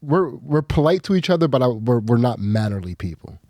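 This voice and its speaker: A man's voice: medium pitch, very animated, fairly quick, dark tone, no room sound, studio quality. A man co-hosting a podcast and talking about his kids in a laid-back, rambling, casual way. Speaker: podcast co-host. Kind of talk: casual comedic chat.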